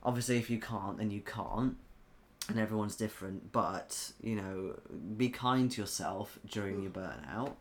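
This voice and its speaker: A man's voice: lowish voice, moderate pace. A man, co-hosting a casual chat about tabletop games as a game master, rambling and often restarting his sentences. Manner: rambling, self-correcting, reads chat aloud. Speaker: podcast co-host and game master.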